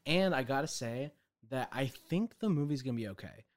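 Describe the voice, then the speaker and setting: A man hosting a podcast in casual chat, talking quickly and playfully, often laughing and rambling. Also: medium pitch, lively intonation. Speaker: podcast host.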